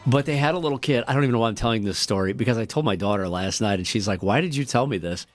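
A man's voice: mid-range voice, lively intonation, rapid-fire, faint music behind. A middle-aged man with a Midwestern American accent, co-hosting a radio show and reading out poll numbers in jokey casual banter. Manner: chatty, jokey, reads poll numbers aloud.

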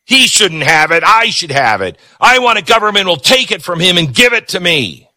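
A man's voice: big pitch swings, moderate pace, bright, forceful tone, dry recording, heavily acted. A man mocking a whiny, greedy complainer. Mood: whiny demanding. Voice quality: high whining voice. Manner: mocking, exaggerated demands. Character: whiny greedy entitled adult, mocking caricature.

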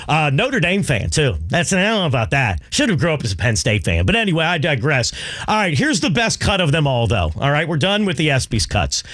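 A man's voice: a little high, big pitch swings, fairly quick, a bit bright. A man co-hosting a sports radio show, rambling and joking about sports.

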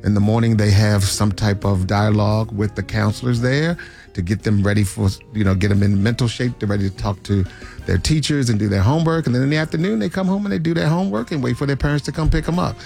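Gravelly-voiced earnest male radio guest. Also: lowish voice, quick pace, darkish tone, faint music behind. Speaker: charity campaign guest. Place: radio studio.

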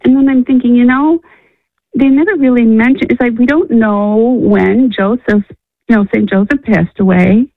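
A woman's voice: fairly high pitch, moderate pace, no echo. A woman from Illinois calling in to a radio show, rambling with many fillers and restarts. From Illinois, USA. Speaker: caller. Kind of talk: phone-in conversation. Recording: tinny phone line.

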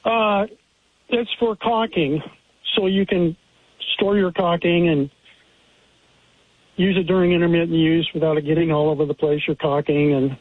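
A man's voice: on the high side, steady tone, normal speed, long pauses, dry recording. A man calling in to a radio talk show, earnestly telling his story and replaying what others told him. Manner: earnest storytelling, retelling conversations. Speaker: caller. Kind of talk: phoned-in radio call. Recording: tinny phone line.

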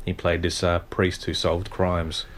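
A man's voice: low voice, completely flat delivery, measured pace, a little hiss or hum. A man chatting casually about films, trailing off and restarting his sentences.

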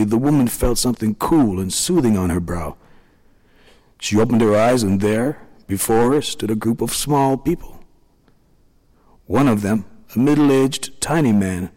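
A man tells a folk tale in a calm, measured way. His voice sits low, and a long reverb trails behind each phrase. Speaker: narrator. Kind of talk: storytelling narration.

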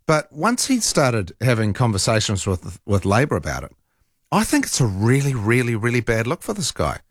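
A man hosting talk radio, chatting casually in an animated, exasperated way with frequent ums and restarts. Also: medium pitch, normal speed, no room sound, clean studio sound.

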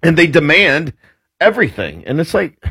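A man's voice: a little high, very animated, moderate pace, bright, forceful tone, husky, no echo. A man co-hosting a talk radio show, rambling and exasperated in his commentary. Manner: rambling, exasperated, often restarts. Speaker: radio co-host.

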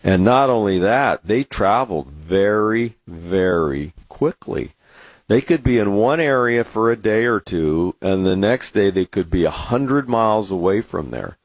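A man's voice: fairly low pitch, animated, measured pace, no echo. An American man from San Diego, talking casually to the camera as a market commentator and telling rambling stories full of "uh"s. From San Diego, USA. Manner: rambling, anecdotal storyteller with many fillers.

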